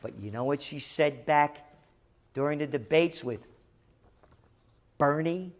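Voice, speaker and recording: A man's voice: a little high, takes it slowly, pauses often. A middle-aged man delivering opinionated news commentary, sarcastic and emphatic.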